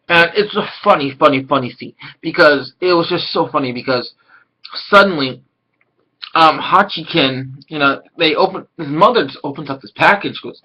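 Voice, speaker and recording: A man casually reviewing an anime episode, rambling and excitable, swearing now and then. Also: a little high, poor audio.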